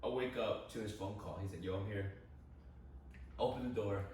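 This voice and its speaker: A man's voice: lowish voice, normal speed, a little mellow, a little hiss or hum. A young man casually telling a story to friends, profane and rambling, repeating himself and laughing often. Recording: roomy, echoey room, mic at a distance.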